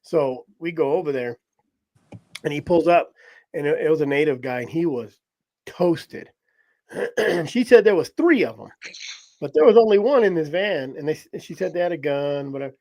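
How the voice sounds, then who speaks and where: Animated storytelling man, slightly high voice. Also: moderate pace. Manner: animated, laughs often, acts out voices in quotes. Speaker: podcast host telling a story. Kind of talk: casual storytelling.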